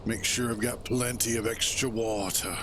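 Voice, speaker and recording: A man streaming a game, chatting in a relaxed, rambling way and chuckling to himself as he plays. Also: fairly low pitch, moderate pace, noisy background. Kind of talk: casual gameplay commentary.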